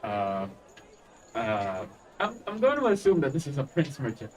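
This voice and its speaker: A man takes part in a tabletop game, hesitant and full of questions. He sounds far from the mic with faint noise behind him, and his pitch moves a lot. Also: huge pitch swings, normal speed, darkish tone. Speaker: player.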